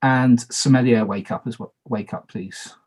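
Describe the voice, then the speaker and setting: A man's voice: mid-range voice, fairly even intonation, moderate pace, darkish tone. A man moderating an online party game on a video call, talking casually, repeating instructions and making self-deprecating asides.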